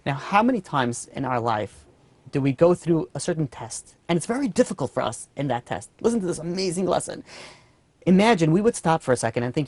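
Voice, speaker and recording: A man, a rabbi, giving a storytelling sermon in an earnest, animated way, often saying "you know". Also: a little high, fairly quick, no room sound.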